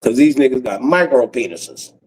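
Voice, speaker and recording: A man in his forties doing a profane comedic rant on a livestream, breaking into cackles and swinging from loud outbursts to low mutters. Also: expressive, moderate pace, slightly rough, low-quality recording. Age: 40s.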